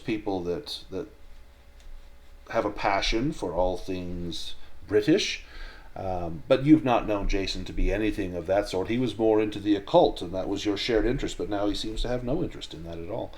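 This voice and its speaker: A man narrating a tabletop horror game as game master, measured and descriptive, with frequent restarts. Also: lowish voice, lively intonation, a little mellow.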